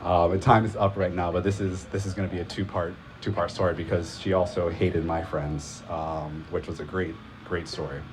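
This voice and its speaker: A man's voice: sits low, flat delivery, moderate pace, few pauses, noisy background. A man casually telling a rambling personal story at a live event, full of filler words and profanity.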